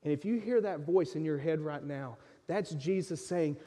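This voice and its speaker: A man preaching a sermon to his congregation in a church sanctuary, impassioned, swinging between loud urging and hushed pleading. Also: a little high, normal speed, long reverb tail. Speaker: pastor.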